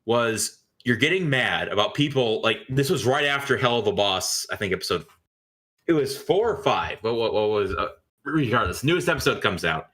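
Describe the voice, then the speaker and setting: Man, podcast co-host, exasperated rambling, lively swooping pitch, bright tense tone. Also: moderate pace. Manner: rambling, exasperated, stammering restarts. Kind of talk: casual commentary chat.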